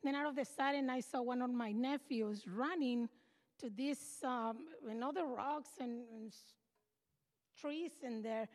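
High-voiced older woman giving testimony. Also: a little slow, a little mellow. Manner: earnest, emotional storytelling. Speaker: church member giving testimony. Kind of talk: personal testimony. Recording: reverberant hall.

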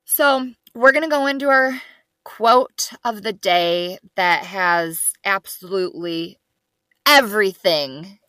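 A woman's voice: medium pitch, slow pace, pushed and bright, no room sound. A woman co-hosting a podcast in casual chat, upbeat as she moves the show through its segments. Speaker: podcast co-host.

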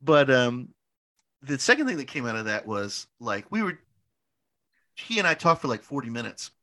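A man's voice: mid-range voice, sing-song, normal speed, pushed and bright. A young man in a casual podcast chat, telling a long story with lots of restarts, "like" fillers and casual swearing. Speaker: podcast co-host.

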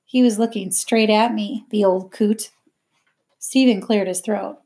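A woman's voice: medium pitch, measured pace. Woman reading a novel aloud. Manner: steady, plain first-person narration. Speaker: reader.

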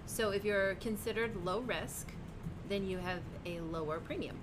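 A woman being interviewed on a casual podcast, friendly and reassuring with quick laughs. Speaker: podcast guest, insurance agent. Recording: audible background rumble.

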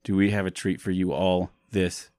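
Male podcast co-host, low voice, dry close mic, rambling jokey banter. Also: level tone, moderate pace, a little mellow, clean tone, dry recording. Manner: joking, rambling, laughs often. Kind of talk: casual podcast chat.

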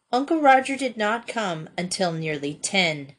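A woman narrating a classic children's storybook aloud. Her reading is steady and measured, with a voice of ordinary pitch. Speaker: audiobook reader.

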